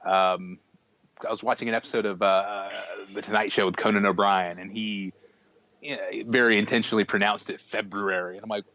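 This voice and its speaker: A man's voice: on the low side, fairly even intonation, fairly quick, pushed and bright. A man co-hosting a casual podcast chat, hesitant, with frequent restarts and fillers. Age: adult. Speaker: podcast co-host. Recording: dull lo-fi podcast audio.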